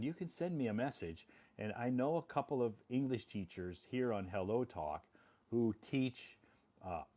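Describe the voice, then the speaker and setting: A man explaining things to English learners in a casual spoken monologue, plain and repetitive, often apologizing. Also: mid-range voice.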